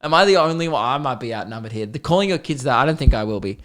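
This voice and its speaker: A man's voice: medium pitch, lively intonation, rapid-fire, fairly bright tone. A man in his twenties with an Australian accent, hosting a solo comedy podcast in a sweary, rambling, self-deprecating way.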